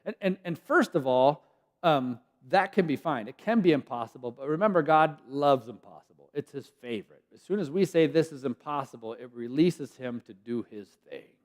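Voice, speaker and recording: A man preaching a sermon in a church, animated, acting out voices and now and then dropping to a whisper. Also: on the high side, moderate pace. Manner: animated, acts out voices of God and people, drops to whispers. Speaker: guest preacher. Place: church sanctuary. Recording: long church reverb.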